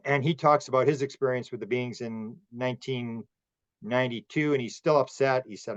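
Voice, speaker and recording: A man's voice: mid-range voice, moderate pace, no echo. A man hosting a casual podcast chat, talking in a rambling way with frequent restarts. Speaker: podcast host. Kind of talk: casual conversation. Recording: dull lo-fi dry sound.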